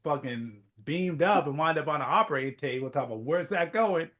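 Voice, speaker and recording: A man's voice: mid-range voice, fast talker, fairly bright tone. A man co-hosting a podcast in casual chat, laughing often and reacting briefly. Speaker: podcast co-host.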